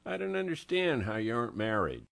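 A man's voice: medium pitch, wildly swooping pitch, vocal fry, a bit bright, voice pushed up, exaggerated voice. A man reading a story aloud, voicing a garrulous, streetwise middle-aged businessman with a Brooklyn accent. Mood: fond. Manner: garrulous, fast-talking.

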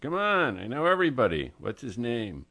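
A man's voice: medium pitch, wildly swooping pitch, pushed and bright, pitched above the performer's own voice, exaggerated voice. A man reading a story aloud, voicing a garrulous, streetwise middle-aged businessman with a Brooklyn accent. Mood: eager. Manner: garrulous, fast-talking.

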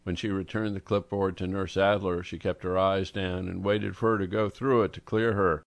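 A man narrates a story with a low, deep voice in a measured, even way. The recording is close and dry, with no room sound. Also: vocal fry, no room sound. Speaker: audiobook narrator. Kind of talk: scripted narration.

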